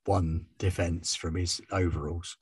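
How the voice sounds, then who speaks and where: Husky low-voiced game master. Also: male voice, measured pace, no room sound. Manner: descriptive, wry and relaxed. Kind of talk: narrating a tabletop game.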